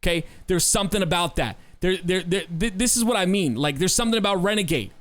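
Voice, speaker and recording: A man's voice: sits high, quick pace, no echo. Assertive male podcast co-host. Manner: animated and assertive, with folksy sayings and repeated emphasis. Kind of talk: casual podcast discussion.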